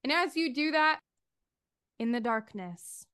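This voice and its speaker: Woman gm telling a horror scene, highish voice, calm storytelling. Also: unhurried. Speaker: game master. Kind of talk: narrating a tabletop horror game.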